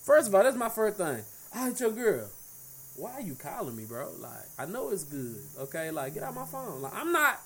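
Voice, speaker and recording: A man's voice: high voice, sing-song, moderate pace. A man in casual chat, blunt and heated, talking in profane street slang.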